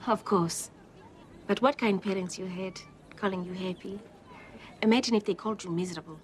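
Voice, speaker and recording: A woman playing a cheerful, kindly middle-aged woman detective, speaking in warm, formal, teasing phrases. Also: medium pitch, moderate pace, a little hiss or hum, natural voice. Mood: amused teasing.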